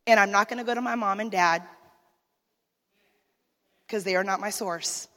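A woman's voice: medium pitch, moderate pace, sharp tone. A woman giving an emotional sermon testimony as a minister's wife, talking straight to the listeners. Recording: long hall reverb.

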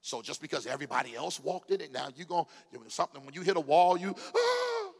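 A man giving a sermon as a pastor, preaching with call-and-response and sudden loud bursts. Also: a little high, rapid-fire, vocal fry, long reverb tail.

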